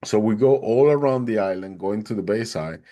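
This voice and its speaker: A man, a podcast guest, recounting a personal experience in an animated way and acting out the others' lines. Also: lowish voice, moderate pace. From Atlanta, Georgia, USA. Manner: animated, acts out the other people's lines in a raised voice. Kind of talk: personal storytelling.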